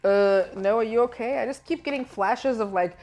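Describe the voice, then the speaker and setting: A playful woman at a tabletop game with a high, bright voice. She jokes and teases the other players. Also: normal speed, faint music behind. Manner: playful, joking. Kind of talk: casual tabletop play.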